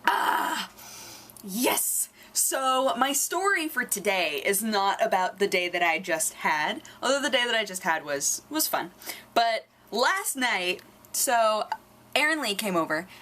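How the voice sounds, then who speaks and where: A young woman telling a casual story on her vlog, animated and acting out quotes in squeaky voices. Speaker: vlogger.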